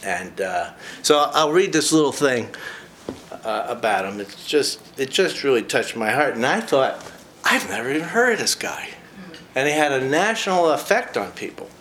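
A man's voice: mid-range voice, lively intonation, moderate pace, fairly bright tone, slight background noise. A man in a casual talk, reading a short biography aloud and breaking off for chatty personal asides. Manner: chatty, with frequent personal asides between read passages.

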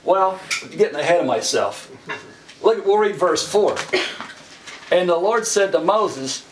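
A man's voice: high-pitched, lively intonation, a little slow. A middle-aged man preaching a sermon in a folksy, humorous way, chuckling often and acting out the characters he quotes. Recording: echoey room from far off with faint noise.

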